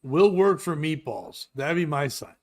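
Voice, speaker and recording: High-pitched, animated ranting comedian. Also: male voice, measured pace. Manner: loud, exasperated, profane ranting. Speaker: comedian podcast host. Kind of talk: crude comedic rant.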